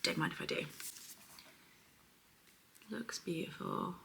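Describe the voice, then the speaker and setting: Chatty woman with a husky, bright voice. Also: on the low side, huge pitch swings, slow pace. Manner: chatty and effusive, often dropping to a soft hush over products. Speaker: beauty vlogger. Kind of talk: casual unboxing chat.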